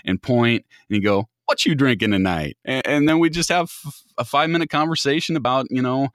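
A man's voice: mid-range voice, a little fast, a bit bright, smooth, no room sound, studio quality. A man from the American Midwest chatting casually as a podcast guest, rambling and often restarting his words. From Midwest United States. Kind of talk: casual chat.

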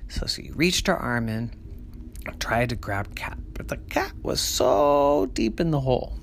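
Bedtime-story narrator, male, hushed and half-whispered, slow and gravelly. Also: medium pitch, sing-song, slight background noise. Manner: soft, often whispered, hushed.

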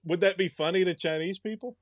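A man's voice: sits high, brisk, dry recording, clean studio sound. A young man co-hosting a podcast, chatting casually and thinking aloud with many restarts. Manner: rambling, musing, with frequent restarts. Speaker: podcast co-host. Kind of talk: casual chat.

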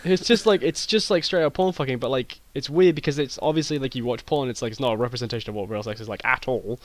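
A young British man telling a rambling, deadpan comedy story with many restarts, as a podcast co-host. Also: medium pitch, fast, dry recording. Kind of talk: improvised comedy chat.

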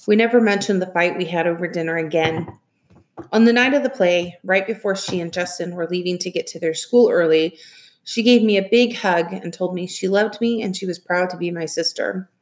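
A woman reading a novel aloud in soft, steady storytelling. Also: fairly low pitch, a little hiss or hum. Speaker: reader.

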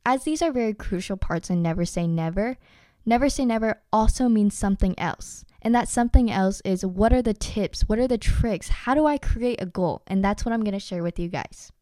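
Earnest young woman podcaster, smooth clear voice. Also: mid-range voice, moderate pace, mellow, no room sound, studio quality. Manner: earnest, encouraging, addresses listeners as guys. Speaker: podcast host. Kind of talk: motivational podcast monologue.

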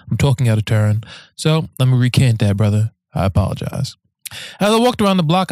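A man's voice: a little high, a little mellow, dry recording. A man hosting a podcast, reading listener emails aloud in a loose, slangy way with frequent swearing and joking asides.

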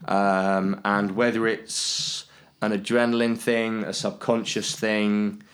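A man's voice: lowish voice, flat delivery, slow. A man in his thirties, a guest talking frankly in a casual conversation, with many fillers and restarts. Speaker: podcast guest, bereaved father and teacher.

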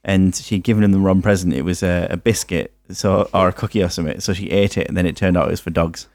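A man's voice: sits low, steady tone, fast talker, darkish tone, no echo. A man co-hosting a podcast, telling stories hesitantly with lots of ums. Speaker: podcast co-host. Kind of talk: casual chat.

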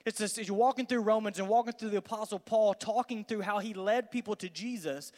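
A man, a student pastor giving an energetic, conversational youth sermon in a large church hall. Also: sits high, fairly quick. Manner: energetic, conversational, acts out dialogues. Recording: long hall reverb.

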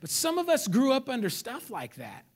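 A middle-aged man preaching a sermon as pastor. He swings between loud calls to the congregation and near whispers, and uses casual street slang. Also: very high voice, huge pitch swings, moderate pace, a crowd in the background, noisy background.

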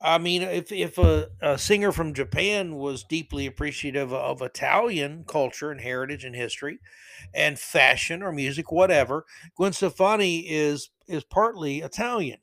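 A man's voice: a little high, normal speed, a bit bright, no room sound. A man hosting a solo opinion podcast, ranting bluntly and sarcastically and throwing in corny jokes. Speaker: podcast host.

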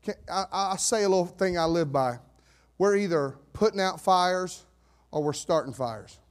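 A man preaching a sermon as pastor, fervent, swinging between fired-up shouts and hushed asides. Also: high voice, animated, normal speed. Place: church sanctuary.

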